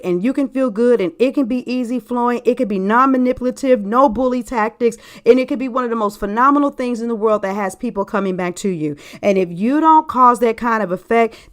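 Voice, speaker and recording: A woman's voice: fairly high pitch, fairly bright tone. A woman hosting a podcast as a sales coach, talking casually and emphatically straight to her listeners.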